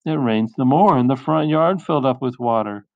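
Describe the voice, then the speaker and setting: A male teacher reading a picture book aloud in a slow, expressive storytelling voice. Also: medium pitch, creaky, no echo, highs cut off.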